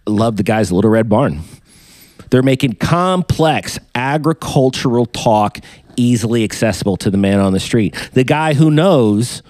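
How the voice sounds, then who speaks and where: A man hosting a podcast, chatting casually and joking as he reads through sponsor shout-outs. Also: lowish voice, no echo. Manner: rambling, joking, hypes sponsors. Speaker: podcast host.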